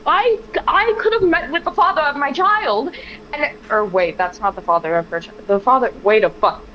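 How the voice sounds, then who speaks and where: A woman's voice: extremely high pitch, slight background noise. A woman voicing a hot-tempered expectant young sorceress in a tabletop game, frantic and swearing as she stumbles over her words. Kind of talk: tabletop role-play. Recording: slightly dull lo-fi audio.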